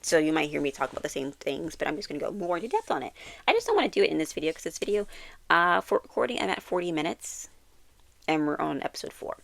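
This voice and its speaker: A woman giving a casual, rambling recap of a TV series, full of "like" fillers and quick self-corrections. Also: sits low, creaky, no room sound. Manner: quotes characters with animated bursts and laughs. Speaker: YouTuber reviewing a TV series. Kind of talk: casual episode recap and commentary.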